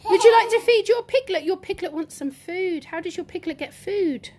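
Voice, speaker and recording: A woman's high voice bounces all over the place as she coaxes little children through a play session. She talks in a sing-song, encouraging way, like a patient teacher keeping toddlers engaged. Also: lively intonation, moderate pace, a little mellow. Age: adult. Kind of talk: playful talk with toddlers.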